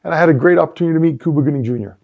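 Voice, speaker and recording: A middle-aged man, a guest on an interview show, telling stories in a casual, animated way with lots of fillers and restarts. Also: on the high side, racing, gravelly. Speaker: guest, sales executive and former football player. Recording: dull lo-fi recording.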